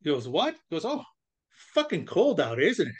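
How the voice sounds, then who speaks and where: A man with a slightly higher pitch co-hosts a casual podcast. He spins a long joke with animated delivery and slips into quick voices for the people in it. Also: breathy edge. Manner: animated storyteller, acts out voices. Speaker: podcast co-host.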